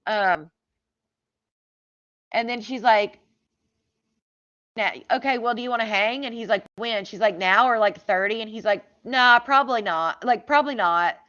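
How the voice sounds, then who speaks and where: A woman with a fairly high voice talks through a true crime case in a loose, chatty way, leaning on "like" and tossing in disbelieving asides as she reads messages aloud. The audio is slightly dull and lo-fi. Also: normal speed, pauses often, bright, forceful tone. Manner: chatty, says "like" a lot, incredulous asides. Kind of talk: casual true crime chat reading texts aloud.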